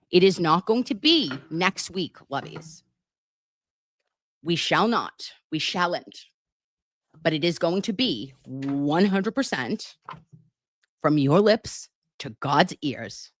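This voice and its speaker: A woman's voice: low-pitched, lively intonation, slow, pauses often, no echo, clean studio sound. A woman hosting a casual livestream chat, gushing and dramatic, talking with a slight lisp from a sore tongue. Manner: gushing, chatty and dramatic, reads viewer comments. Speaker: livestream host.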